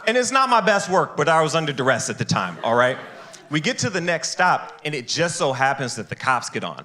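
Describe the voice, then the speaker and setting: A man performing a stand-up comedy set on a live stage, jumping into high, loud voices to act out other people. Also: sing-song, brisk.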